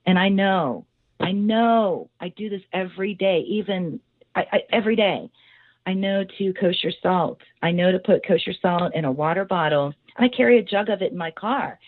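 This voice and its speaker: A woman telling a long story in an interview, rambling and animated with many fillers, on a phone line. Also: mid-range voice, moderate pace, no echo. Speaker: owner of a haunted house, interview guest. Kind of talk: casual storytelling.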